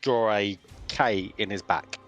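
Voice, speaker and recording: A man's voice: fairly low pitch, takes it slowly, a bit bright. Man at the game table, hesitant describer, faint music. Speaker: player. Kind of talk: playing a tabletop game over voice chat.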